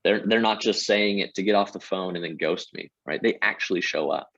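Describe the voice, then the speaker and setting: A man who heads a sales team, a podcast guest explaining his methods step by step in an energetic, casual way. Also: deep voice, fairly quick, no echo, muffled recording. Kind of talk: casual interview talk.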